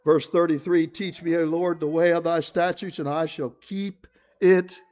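A man preaches a sermon in a steady, slightly slow, a little mellow voice. He reads scripture aloud and earnestly repeats his points, often sinking to a low murmur as phrases end.

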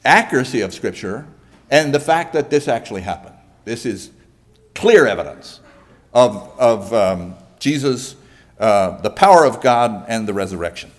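Guy giving a sermon, talks casual, lots of pauses, voice goes up and down a lot. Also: medium pitch. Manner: conversational preaching with pauses and questions to the congregation. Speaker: pastor.

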